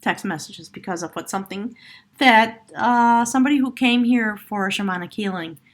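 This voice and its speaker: A woman's voice: medium pitch, moderate pace. A woman giving an earnest, emotional tarot reading, laughing often and at times choked up, her voice cracking. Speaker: tarot reader.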